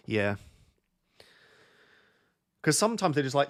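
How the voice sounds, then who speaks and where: A young British man hosts a relaxed live stream, chatting away and reading his viewers' questions out loud. His voice sits in the mid range with a sing-song lilt, and he speaks at a normal speed.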